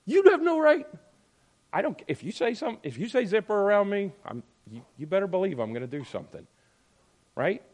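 A man pastor giving a conversational sermon, swinging between loud emphasis and quiet asides. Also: high voice, expressive, fairly quick.

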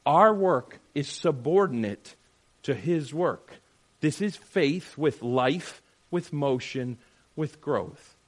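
A man leading a Bible study group, teaching in an animated, questioning way and acting out quotes. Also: a little high, slow pace.

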